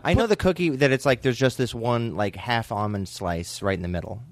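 An easygoing man joins a comedy podcast as a guest. He chats along quickly and casually, keeping his replies relaxed. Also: mid-range voice, dry recording.

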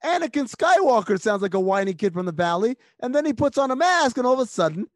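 A man talking casually and emphatically as a podcast guest, rambling with quick restarts. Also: extremely high pitch, sing-song, dry recording, studio quality. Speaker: podcast guest, basketball analyst.

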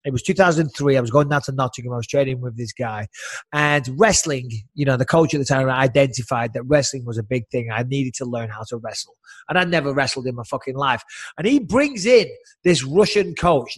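A podcast co-host tells profane stories in casual chat, animated as he goes. His voice is mid-range, and there's no echo.

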